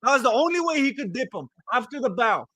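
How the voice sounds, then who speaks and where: A man's voice: very high voice, very animated, quick pace, bright, forceful tone, no echo. A man giving casual, joking play-by-play of a live fight, rambling and repeating himself. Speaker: fight commentator. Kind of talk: casual live fight watch-along commentary.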